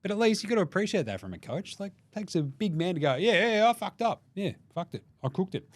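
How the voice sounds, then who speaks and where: A young Australian man recapping basketball in a loose, profane, jokey way, slipping into mock voices for the players. His voice sits a bit high and swings widely in pitch. The sound is close and dry, with no room echo. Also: very animated, fast, darkish tone. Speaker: basketball podcast host. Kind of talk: casual sports recap.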